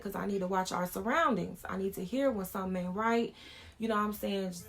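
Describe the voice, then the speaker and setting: Woman, 30s, vlogger, candid personal storytelling, gravelly voice, informal and frank. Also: medium pitch, brisk. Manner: frank and informal, talking things through.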